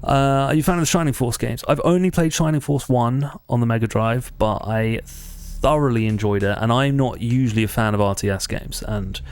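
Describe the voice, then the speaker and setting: A man chatting casually while streaming a game. His voice has a gravelly fry, and he rambles and corrects himself as he goes. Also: medium pitch, brisk, hardly any pauses. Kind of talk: casual let's-play chat.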